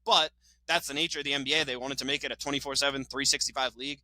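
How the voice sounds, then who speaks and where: A man co-hosting a casual sports podcast, talking with fast, excited opinions, laughing often and swearing now and then. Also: medium pitch, no echo, rough recording. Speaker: podcast co-host.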